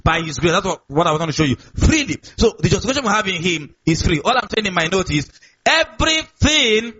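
A man's voice: sits high, sing-song, fast, fairly bright tone, slightly rough. A man preaching a sermon as pastor, repeating key words and asking the congregation questions. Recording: dull lo-fi recording.

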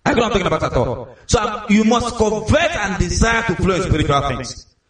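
A man with a Nigerian accent preaching a sermon, telling stories in a lively way that repeats words. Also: high voice, fast talker. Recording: echoey hall from far off.

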